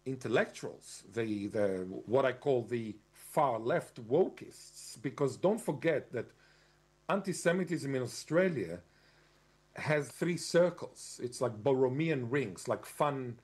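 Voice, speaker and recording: A man's voice: medium pitch, animated, slow, darkish tone, husky. A man giving an argumentative lecturing monologue, stressing key words and spelling out terms. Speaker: commentator.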